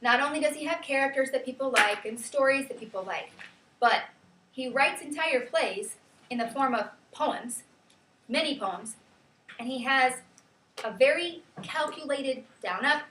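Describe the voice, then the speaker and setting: A woman teacher giving a lively classroom lecture, quizzing her students and counting out rhythms aloud. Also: a little high, normal speed. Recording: echoey classroom from far off, faint hiss.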